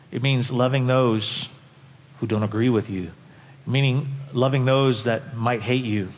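A man preaching a sermon as a pastor, impassioned, swinging from quiet, low passages to loud, high peaks. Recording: long hall reverb.

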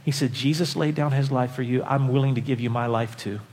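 A man preaching a sermon as a pastor, impassioned, swinging from quiet, low passages to loud, high peaks. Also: steady tone, a little fast, slight background noise. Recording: long hall reverb.

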